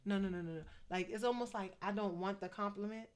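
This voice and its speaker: A woman in her fifties gives a casual faith-based vlog, chatty and a little preachy. She speaks with a middle pitch, tossing in quick asides between her points. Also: clear, resonant tone. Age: 50s. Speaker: faith vlogger.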